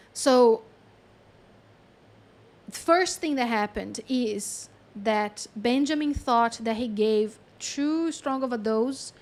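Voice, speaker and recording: A woman channeling a story in a chatty, animated way, with lots of fillers and frequent laughs. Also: sits high. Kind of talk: casual storytelling.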